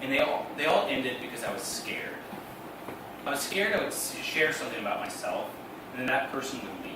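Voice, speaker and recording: A man's voice: medium pitch, sing-song, brisk. A man around thirty telling a comic personal story on stage, acting out voices and laughing through his lines. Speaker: solo storyteller. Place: theater stage. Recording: echoey stage from a distant mic with noise.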